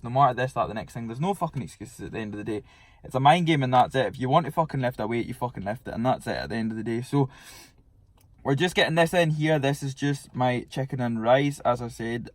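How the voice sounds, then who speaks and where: Young male fitness vlogger; casual, blunt, sweary; medium pitch, dry room. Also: no echo. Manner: laid-back, swears freely. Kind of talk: casual vlog chat.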